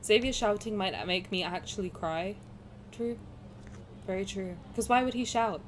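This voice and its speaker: A young woman streaming a game, chatting casually with viewers, swearing, getting excited, with a sore throat. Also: mid-range voice, moderate pace, slight background noise.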